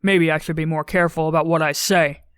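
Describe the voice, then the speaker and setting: A man's voice: on the high side, steady tone, fast talker, fairly bright tone, clear, resonant tone, dry recording, lightly acted. A woman voicing a crude, leering male office clerk with a brash, jeering manner in an audiobook.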